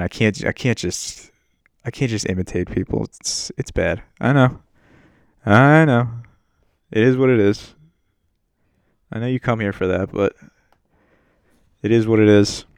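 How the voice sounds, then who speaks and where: Male podcast host, low voice, dry close mic; crude, rambling, self-mocking casual rant. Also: gravelly, no room sound. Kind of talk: casual profane movie rant. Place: home setup while on a muted work meeting.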